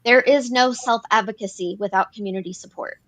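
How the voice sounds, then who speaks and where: In an advocacy discussion, a female podcast co-host talks a little fast in a mid-range, slightly bright voice. She lays out policy with earnest conviction, circling back to repeated phrases along the way.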